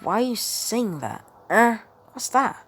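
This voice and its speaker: A woman's voice: on the high side, sing-song, slow pace, a bit bright, breathy edge, faint music behind, voice pushed up, exaggerated voice. A woman voicing a polite, hesitant young male hero with a secret identity.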